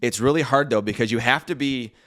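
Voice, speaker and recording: A man's voice: medium pitch, fast talker, no echo, clean studio sound. A young man co-hosting a podcast, chatting casually and working through examples with fillers. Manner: relaxed, talks through examples with filler words. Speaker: podcast co-host. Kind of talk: casual conversation.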